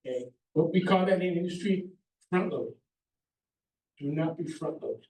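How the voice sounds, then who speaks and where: A man's voice: on the high side, expressive, moderate pace, gravelly, a little mellow, a little hiss or hum. A middle-aged man, a contractor, giving practical advice to a seminar audience in an emphatic way, laying out numbered points and often checking in with "okay?". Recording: roomy hall, mic far off.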